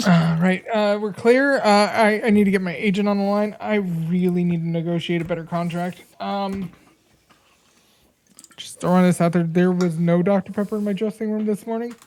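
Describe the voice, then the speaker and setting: A female co-host joking in a hesitant, stammering deadpan way. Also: medium pitch, normal speed. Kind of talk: comedic banter.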